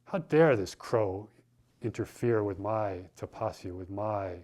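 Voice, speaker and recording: A man's voice: fairly low pitch, lively intonation, slow pace, darkish tone. A man voicing a proud, impatient male yogi in a spoken story, sounding self-important. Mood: indignant, boastful.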